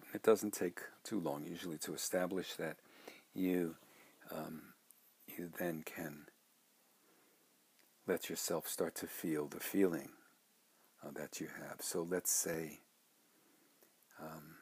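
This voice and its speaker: A man guiding a meditation, speaking softly and slowly and often dropping into a hushed whisper. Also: low voice, husky. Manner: slow, soft-spoken, often drops to a hushed whisper. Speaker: meditation teacher. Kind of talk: guided meditation instruction.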